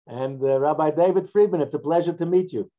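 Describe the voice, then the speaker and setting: A man hosting as rabbi, giving halting welcoming remarks with many restarts on a video call. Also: a little high, phone-quality sound. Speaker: rabbi hosting a joint congregation event.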